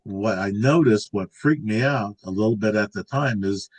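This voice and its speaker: Low-voiced older man telling a story. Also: moderate pace, rough recording. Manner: rambling, restarts and filler words. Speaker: interview guest recounting an encounter. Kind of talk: casual storytelling.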